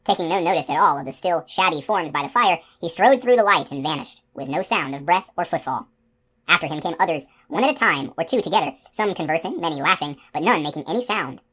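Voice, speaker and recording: Woman narrator, low voice, steady expressive reading, fantasy audiobook. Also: fast. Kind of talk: scripted narration.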